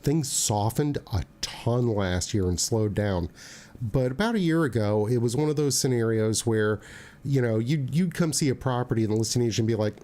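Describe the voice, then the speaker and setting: A man who works as a realtor, hosting a casual talk show and chatting in an animated way with plenty of fillers and restarts. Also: medium pitch, moderate pace.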